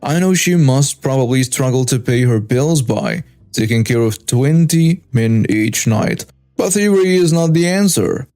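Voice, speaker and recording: A man narrating a story, voicing a young woman speaking in a refined, unnervingly calm tone. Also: medium pitch, takes it slowly, few pauses, no room sound, close to an everyday voice.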